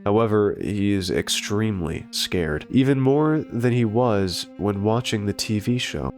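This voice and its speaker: A man narrating a horror story in a slow, deliberate scripted delivery. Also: lively intonation, darkish tone. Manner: slow, deep and gravelly delivery. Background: faint guitar music.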